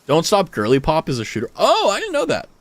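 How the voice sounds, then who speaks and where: A young American man with a General American accent talks fast in a fairly high voice, with no echo around him. He's a streamer chatting casually with his viewers, telling stories in an animated way that's packed with fillers and frequent swearing.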